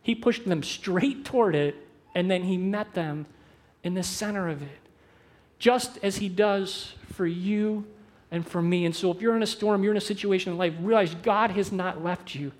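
A man preaching a sermon as pastor, animated, moving between loud emphasis and hushed, slow phrases. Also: sits high. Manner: quick asides mixed with slow, drawn-out phrases.

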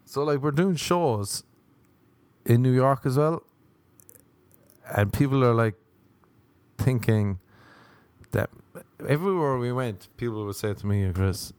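An Irish man telling a rambling comic story with deadpan asides, swearing and acted-out quoted voices. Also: mid-range voice, measured pace, pauses often, no room sound. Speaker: touring comedian.

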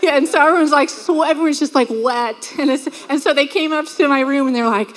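A woman's voice: high-pitched, quick pace, few pauses. A woman preaching a sermon in a church, telling stories and acting out quoted voices. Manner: lively storytelling with quoted voices. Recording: reverberant hall.

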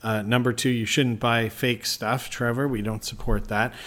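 A man's voice: mid-range voice, flat delivery, normal speed, a bit bright. A man co-hosting a podcast, chatting casually and giving direct practical travel tips. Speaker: podcast co-host.

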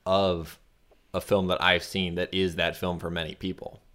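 American man, very low voice, podcast co-host, casual chat, halting, restarts a lot. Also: flat delivery, sharp tone. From United States.

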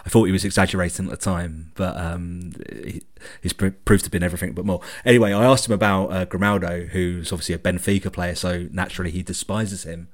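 A man's voice: sits low, steady tone, fast. A man telling a story as a guest on a casual football podcast, hesitant and full of fillers.

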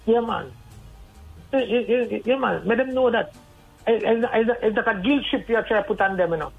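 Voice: mid-range voice, a little fast, gravelly, slightly rough. A radio guest, giving earnest, conversational advice over the phone. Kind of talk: radio call-in talk. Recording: tinny phone line over faint music.

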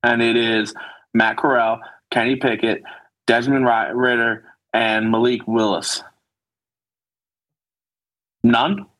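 A man's voice: mid-range voice, level tone, slow, long pauses, a bit bright, low-quality recording. A man co-hosting a casual sports podcast, ranting in an exasperated way and swearing heavily. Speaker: podcast co-host. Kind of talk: profane casual sports chat.

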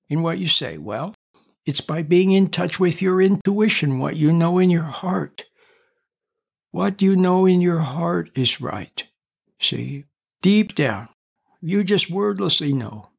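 Man doing a chill radio talk, kinda gravelly, repeats himself a lot to make the point. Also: fairly high pitch, slow. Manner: calm, repetitive teaching talk.

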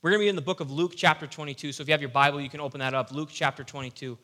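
A young man preaching a casual, animated sermon with playful asides. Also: a little high, very fast. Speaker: youth pastor.

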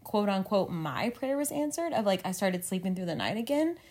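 A woman's voice: mid-range voice, big pitch swings, moderate pace, darkish tone. A woman in her thirties co-hosts a casual faith podcast. She talks earnestly and at length, full of filler words, and she gets emotional easily. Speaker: podcast co-host.

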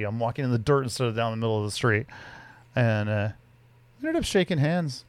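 A man's voice: mid-range voice, quick pace, dry recording. A man co-hosting a podcast, telling a rambling, profane story in casual chat. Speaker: podcast co-host.

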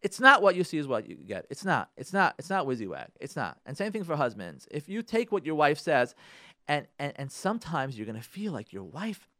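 Animated male radio host. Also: fairly high pitch, fairly quick, no echo, clean studio sound. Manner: animated, acts out quarrelling spouses in a raised voice; repeats and restarts words, uses Hebrew religious terms. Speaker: radio show host, marriage counselor. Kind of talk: radio talk monologue on marriage.

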